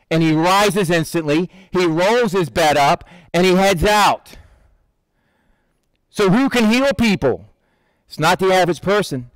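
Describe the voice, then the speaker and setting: A man delivers a relaxed, conversational sermon in a high voice, slipping into lively quoted voices as he tells the story. The sound is dry and close, with no room around it. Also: dry recording, poor audio. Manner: conversational, animated, acts out Bible figures in quotes. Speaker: preacher. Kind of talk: casual sermon.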